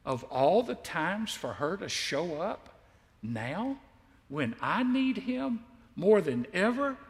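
A man's voice: sits high, sing-song, slow pace, full character voice. Anxious, impatient middle-aged father, put on by a preacher; exasperated and pleading, echoey hall.

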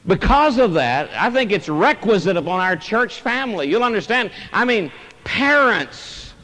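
A man's voice: sits high, big pitch swings, moderate pace, bright, forceful tone, in a large hall. A man preaching a sermon as pastor of a church, earnest and emphatic, pressing each point home. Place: church sanctuary.

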